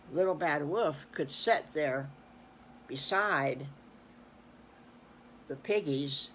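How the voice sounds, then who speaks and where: An older woman telling an improvised children's story in a folksy, rambling, animated way. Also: low voice, a little hiss or hum, low-quality recording. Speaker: storyteller grandmother.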